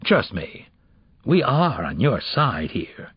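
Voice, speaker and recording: A man voicing a smooth, conciliatory male bank attorney in an audiobook. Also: on the low side, sing-song, takes it slowly, no echo, exaggerated voice. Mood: placating. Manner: smooth and placating. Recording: dull, dry audiobook recording.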